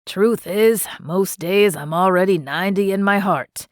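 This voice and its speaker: A woman narrator voicing a gentle, grieving old man near eighty who talks in a slow, wistful way. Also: mid-range voice, no room sound, studio quality, close to an everyday voice. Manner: slow, wistful, fond teasing.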